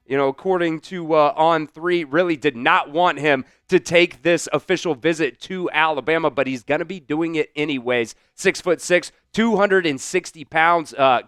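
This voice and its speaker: A man's voice: a little high, clear, resonant tone, no room sound, clean studio sound. A man hosting a sports recruiting show, talking energetically and speaking straight to his viewers. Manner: energetic, addresses viewers directly. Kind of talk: casual sports talk show.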